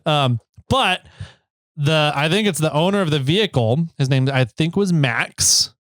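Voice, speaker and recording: A man's voice: fairly high pitch, measured pace, a bit bright, no room sound, studio quality. Rambling man hosting a podcast. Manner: rambling, filler-heavy, laughs easily. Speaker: podcast host. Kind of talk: casual podcast storytelling.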